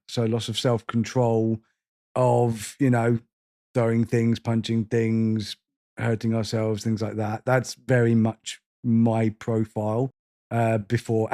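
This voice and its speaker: A man's voice: medium pitch, darkish tone. A middle-aged man co-hosting a podcast, talking openly and emotionally in casual chat, often restarting his sentences. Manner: open, emotional, rambling with restarts. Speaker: podcast co-host.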